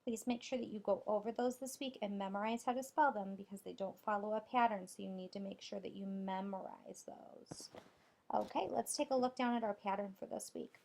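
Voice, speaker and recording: A woman teacher giving a recorded spelling lesson to young children, spelling out letters and clapping out syllables deliberately. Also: medium pitch, steady tone, vocal fry, darkish tone.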